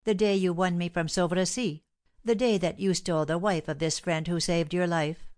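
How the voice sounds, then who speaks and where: A woman's voice: fairly low pitch, fairly even intonation, normal speed, a little mellow, close to an everyday voice. Woman reading as a cold, scheming young wife. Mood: contemptuous. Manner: cold, insistent, contemptuous.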